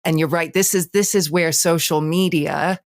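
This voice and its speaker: A woman therapist guesting on a podcast, speaking in a measured, reflective way and agreeing with the hosts. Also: low voice, steady tone. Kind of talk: casual podcast conversation.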